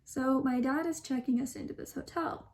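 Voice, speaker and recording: This young adult vlogger has a high, dark-toned voice that stays steady at a normal speed, with a slight hiss or hum in the audio. Chatting casually, she tells a personal story packed with asides and drops to a whisper for quoted lines.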